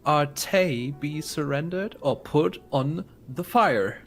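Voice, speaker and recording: A man's voice: a little high, expressive, slow pace, faint music behind. Man reading a wry young medical student. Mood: gossipy. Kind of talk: reading game dialogue aloud.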